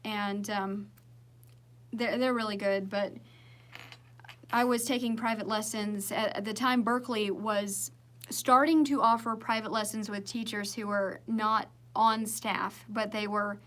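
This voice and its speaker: A woman's voice: mid-range voice, steady tone, unhurried, fairly bright tone. A young woman with a Southern accent chatting casually with viewers on a livestream, rambling with fillers and restarts. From Southern United States. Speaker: singer-songwriter livestreaming.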